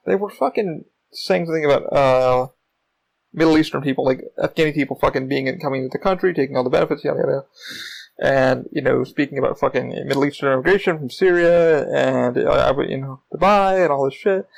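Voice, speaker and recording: Male podcast host, gravelly slightly high voice, rambling solo rant with constant swearing. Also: rough recording. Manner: rambling, heavy profanity, frequent fillers. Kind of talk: casual solo monologue.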